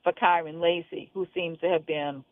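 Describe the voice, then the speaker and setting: A woman's voice: fairly low pitch, fairly even intonation, normal speed, no room sound. Earnest woman attorney on a phone line. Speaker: attorney guest. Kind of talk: call-in radio talk.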